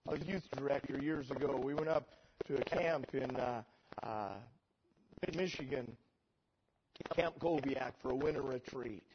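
A middle-aged man preaching a sermon through a story, moving between dry sarcasm and loud emotional peaks. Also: medium pitch, normal speed, long pauses. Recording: dull lo-fi sermon recording with noise.

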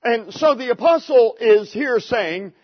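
A man's voice: very high-pitched, expressive, unhurried. A man preaching a sermon in a conversational way, asking his listeners rhetorical questions. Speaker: pastor. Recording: dull lo-fi sermon recording.

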